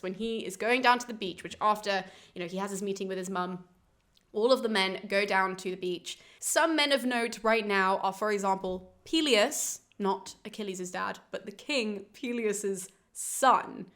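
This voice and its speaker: A young woman hosting a casual educational podcast, summarising a classical epic in a chatty, animated way, swearing freely and mocking the characters with quick voiced asides. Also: medium pitch.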